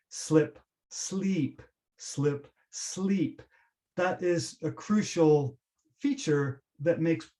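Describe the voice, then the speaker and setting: A man giving a teacher-training webinar, explaining pronunciation and slowly modelling example words. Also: a little high, dark tone. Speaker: webinar presenter.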